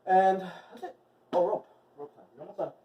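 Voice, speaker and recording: A man's voice: high voice, normal speed, warm tone. A man teaching a movement class in a casual, rambling way, with many fillers. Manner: rambling, filler-heavy, chatty. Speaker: movement and wellness instructor. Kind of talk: casual instructional vlog. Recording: dull, distant mic.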